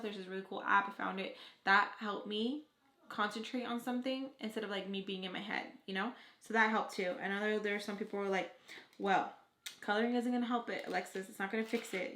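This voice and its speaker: A young woman chatting to camera while doing her makeup, blunt and swearing often, peppering her talk with "like" and acting out quoted people. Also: mid-range voice. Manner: blunt and profane, heavy "like" filler, animated quoted voices. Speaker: beauty vlogger. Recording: echoey room.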